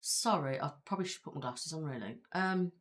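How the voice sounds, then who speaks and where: A woman's voice: low voice, a little fast. A woman with a Belfast accent, chatting casually with viewers as the host of a live stream, rambling with frequent fillers. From Belfast, Northern Ireland. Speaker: ASMR creator hosting a live stream.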